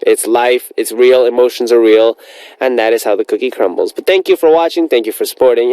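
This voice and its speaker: Male radio DJ, mid-pitched, chatty and upbeat, rambles between listener messages, dry booth sound. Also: fairly quick, warm tone, dry recording, poor audio. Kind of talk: radio show chat reading listener messages.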